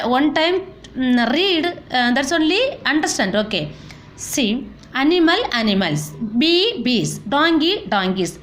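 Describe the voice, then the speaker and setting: A woman with teaches a school lesson, working through word lists one item at a time. Her voice sits high and swings widely in pitch. She often spells words out letter by letter. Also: fairly bright tone, slight background noise. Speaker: English teacher. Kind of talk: classroom lesson.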